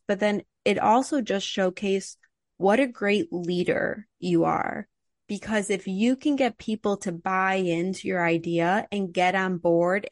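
A woman's voice: mid-range voice, dry recording. Enthusiastic woman host, dry sound. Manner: enthusiastic, encouraging. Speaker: interview host. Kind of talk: conversational interview.

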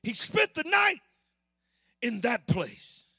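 A male preacher delivering a fervent sermon, shouting his points and calling out to the congregation. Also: very high-pitched, sing-song, takes it slowly, gravelly, breathy edge, no echo, clean studio sound.

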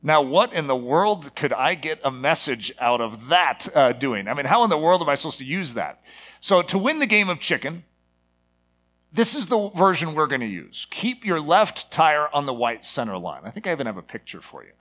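A man in his fifties delivers a relaxed sermon, talking to the congregation like he's telling a story among friends. His voice sits somewhat high for a man, and he fills pauses with fillers and quick rhetorical questions. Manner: conversational, with many fillers and rhetorical asides.

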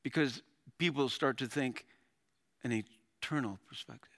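A middle-aged male pastor preaching a sermon, animated, with dramatic readings and laughs. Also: medium pitch, normal speed.

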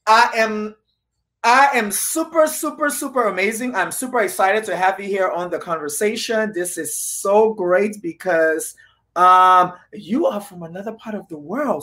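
A man's voice: high voice, a little slow, pushed and bright. A man hosting a casual interview podcast, making earnest and repetitive appeals to his listeners. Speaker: podcast host.

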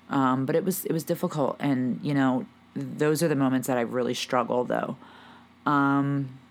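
A young woman talking to her viewers in a personal vlog, halting and emotional, with many pauses and fillers. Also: rumbling low. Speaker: vlogger.

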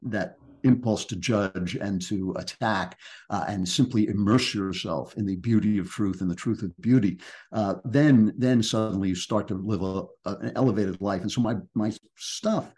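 Older guy, kinda low voice, earnest and thinking out loud, lots of restarts. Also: moderate pace. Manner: earnest and searching, with many restarts. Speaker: guest, crime novelist. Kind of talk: reflective interview talk.

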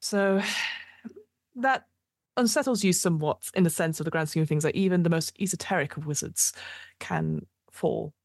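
A woman with a lowish voice narrates an improvised tabletop adventure as game master. She describes scenes at length and meanders through fillers. The sound is dry and close. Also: moderate pace, a little mellow, no room sound.

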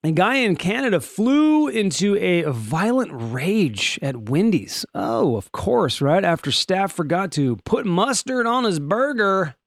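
Animated, joking male podcast host. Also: high-pitched, a little slow, hardly any pauses, no echo, clean studio sound. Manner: joking, animated, puts on silly voices for quotes. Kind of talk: casual comedic news chat.

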